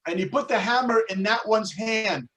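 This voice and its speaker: A man teaching a religious class, telling stories and explaining words in a deliberate, explanatory way. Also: high voice, sharp tone, poor audio. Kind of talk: storytelling religious lesson.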